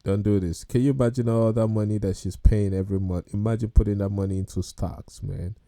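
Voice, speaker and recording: Low gravelly dude reacting to clips, super dark tone, like "what? that's crazy". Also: male voice, fairly even intonation, brisk, no room sound, studio quality. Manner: incredulous, laughs and exclaims at prices. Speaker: podcast host reacting to clips. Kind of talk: casual reaction commentary.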